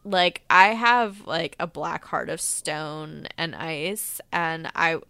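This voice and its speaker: Excitable woman guest with a smooth lower voice, rapid and giddy, dry close sound. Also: no room sound. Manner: fast, animated, laughing storyteller who swears freely. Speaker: podcast co-host, guest. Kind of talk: excited casual chat.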